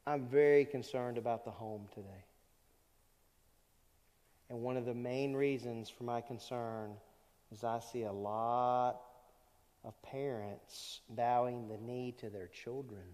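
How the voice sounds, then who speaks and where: A pastor in his fifties preaching a sermon to a congregation, animated and asking the listeners rhetorical questions. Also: mid-range voice, slow, long pauses, long reverb tail. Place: church service in a large hall.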